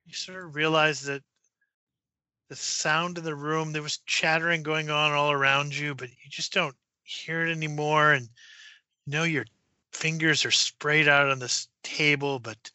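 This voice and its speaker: Bright-voiced game master narrating horror. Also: male voice, a little high, fairly even intonation, smooth, dry recording, highs cut off. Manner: halting, many fillers, drops to a whisper for spooky parts.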